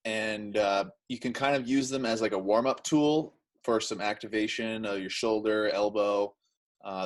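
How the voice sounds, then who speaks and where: A man chatting casually as he explains and demonstrates arm training drills, with relaxed everyday examples. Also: on the low side, rough recording. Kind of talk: casual instructional chat.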